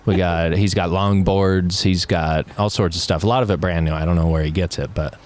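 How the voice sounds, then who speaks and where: A man's voice: deep voice, steady tone, fairly quick, darkish tone. A man co-hosting a casual podcast, telling loose stories with lots of laughter, swearing and acted-out quotes. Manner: laughing, swearing storyteller who acts out quoted talk. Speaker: podcast co-host. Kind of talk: casual chat.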